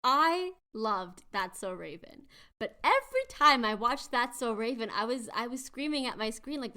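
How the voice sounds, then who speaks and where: A woman's voice: on the high side, very animated, moderate pace, pushed and bright. A woman hosting a podcast, chatting animatedly as she retells myths with quiz-like asides. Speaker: podcast host. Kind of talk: casual chat retelling myths.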